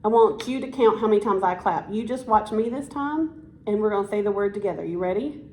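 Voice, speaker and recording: A woman's voice: mid-range voice, a little fast, a little mellow, slight background noise. A woman teacher giving a one-on-one science lesson, encouraging and praising as she prompts the student to repeat after her. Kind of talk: one-on-one classroom instruction. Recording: echoey room.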